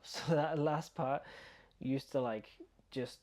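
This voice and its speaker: A man teaching pronunciation, slowly sounding out syllables and repeating them, with quick asides in between. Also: mid-range voice, a little mellow. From United Kingdom. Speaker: Arabic teacher. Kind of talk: pronunciation lesson, slow modeled repetition.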